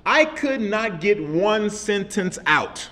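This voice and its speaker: A man's voice: high voice, expressive, takes it slowly, sharp tone. A man preaching a sermon in casual, everyday speech. He repeats phrases and keeps asking "amen?" of his listeners. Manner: repetitive call-and-response preaching with frequent "amen?". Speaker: pastor.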